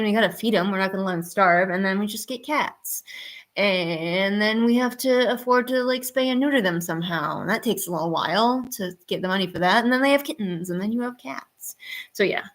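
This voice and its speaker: A woman chatting casually on a live stream as she draws at home, talking to her viewers. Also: medium pitch. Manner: chatty, talks to her cats and chat. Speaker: art streamer. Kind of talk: casual live-stream chat while drawing.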